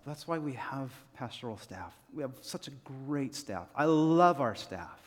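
A man's voice: mid-range voice, very animated, moderate pace. Male senior pastor with a mid-range voice, delivering an earnest, conversational sermon, with the long reverb of a church hall. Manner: earnest, repeats key phrases to the congregation. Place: church sanctuary.

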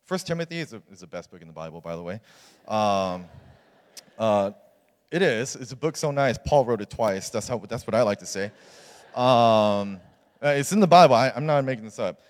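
Young guy youth pastor, lowish voice, chatty and earnest, big echoey church hall. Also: expressive, moderate pace. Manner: casual, earnest storytelling with many fillers. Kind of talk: personal testimony in a sermon. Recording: long reverb of a large hall.

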